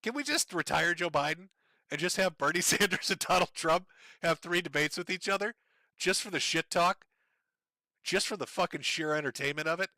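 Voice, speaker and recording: A man reading out donation messages on a casual livestream, sardonic and profane, with a deadpan delivery. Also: high-pitched, normal speed, no room sound, studio quality.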